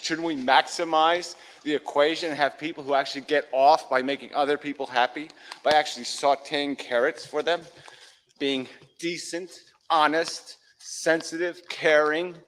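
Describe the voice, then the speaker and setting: A man's voice: on the high side, steady tone, moderate pace, a bit bright, slight background noise, poor audio. A man delivering a furious, heavily profane monologue, berating his listeners. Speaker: commentator. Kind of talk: angry monologue rant.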